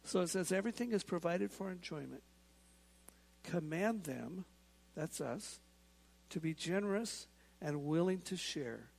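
A man's voice: high-pitched, animated, measured pace, vocal fry, long pauses, darkish tone. A man, a pastor, delivering a sermon in an emphatic preaching manner, repeating words and adding casual asides.

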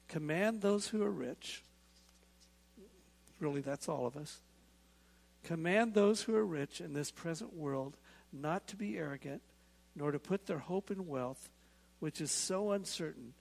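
A man's voice: on the high side, creaky, a little mellow. A man, a pastor, delivering a sermon in an emphatic preaching manner, repeating words and adding casual asides.

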